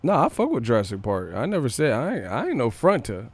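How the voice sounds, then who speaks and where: A man's voice: mid-range voice, wildly swooping pitch, fast talker, slightly rough. A man hosting a livestream, casually reading comments aloud in a profane, slangy way, often breaking into laughter. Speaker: livestream host.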